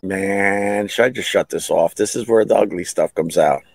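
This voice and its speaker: Middle-aged guy rambling a story on his podcast, swears a lot, low voice, dry. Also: normal speed, gravelly, no echo. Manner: laughs at his own stories, animated, swears. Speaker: podcast host, former radio host.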